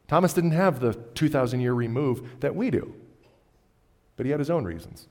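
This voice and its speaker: A man preaching a sermon, moving between loud, emphatic lines and quiet, low ones. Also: expressive, moderate pace. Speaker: pastor. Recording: long hall reverb.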